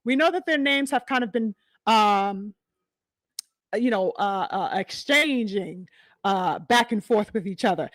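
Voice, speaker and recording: A woman hosting a casual boxing chat, slangy and animated, acting out what fighters said and laughing often. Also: mid-range voice, a little slow, dry recording. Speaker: boxing commentator host.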